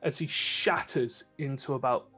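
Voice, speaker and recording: A man's voice: medium pitch, unhurried, sharp tone, husky, faint music behind. A man narrating a tabletop game as game master, vivid with many fillers.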